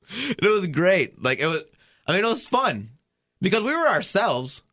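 Bright, dry-sounding man, chatty storyteller, rambling with fillers. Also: high voice, big pitch swings, unhurried, no echo. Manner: rambling anecdote with many fillers. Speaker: podcast guest, producer. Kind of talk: casual chat, storytelling.

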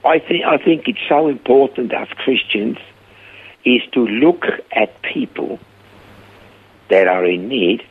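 A man's voice: medium pitch, takes it slowly, long pauses, breathy edge. An older man, a guest founder of a rehab centre, telling stories in an interview and acting out the voices in them. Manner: animated retelling with voiced quotes. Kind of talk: storytelling interview. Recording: tinny phone-line sound.

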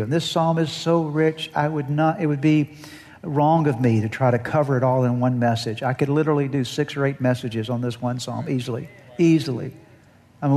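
A man's voice: medium pitch, darkish tone, big-room sound. A male pastor preaching an earnest sermon and leading the congregation in call-and-response.

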